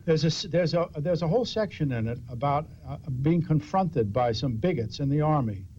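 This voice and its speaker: Older male guest, wry self-mocking storyteller, slightly higher voice, dull lo-fi TV sound. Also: animated, a little fast, darkish tone. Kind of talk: storytelling in a TV talk show interview. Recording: dull lo-fi TV audio with faint hiss.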